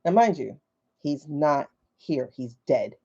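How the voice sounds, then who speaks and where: A woman's voice: deep voice, expressive, slow, mellow, slightly rough. A woman hosting a casual livestream from her phone, chatty and skeptical, thinking aloud with many fillers. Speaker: livestream host. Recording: dull lo-fi livestream audio.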